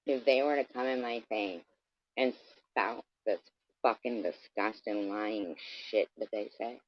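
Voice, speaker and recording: A male vlogger with a lowish voice speaks at a measured pace, aiming an aggressive, profane, taunting rant straight at his camera. The recording sounds dull, dry, and lo-fi.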